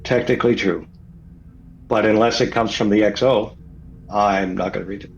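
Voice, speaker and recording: A man playing a tabletop game, talking in a dry, deadpan way. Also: lowish voice, normal speed, gravelly. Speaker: player. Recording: dull lo-fi mic with faint hiss.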